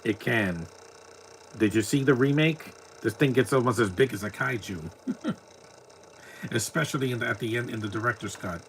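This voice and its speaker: A man chatting his way through a live watch-along commentary, mid-pitched and unhurried in between his blunt opinions. He speaks offhand and candid, as if talking to friends beside him on the couch. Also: a bit bright, a little hiss or hum. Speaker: movie commentator. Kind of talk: casual live movie commentary.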